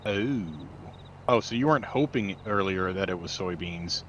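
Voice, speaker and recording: A man's voice: deep voice, lively intonation, normal speed, a bit bright, dull audio, a little hiss or hum. A man playing along in a casual game chat, giving short reactions and remarks. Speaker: co-player.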